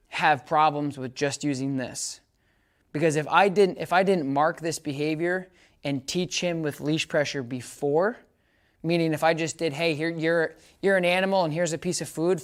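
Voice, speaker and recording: A man giving a hands-on dog training lesson outdoors, chatting casually as he explains and calling out high, upbeat praise commands to the dog. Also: clear, resonant tone.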